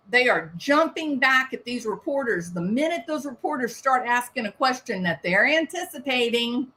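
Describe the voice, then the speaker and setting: A woman's voice: fairly high pitch, fairly bright tone. A woman giving sarcastic, indignant commentary on a press conference, firing off rhetorical questions.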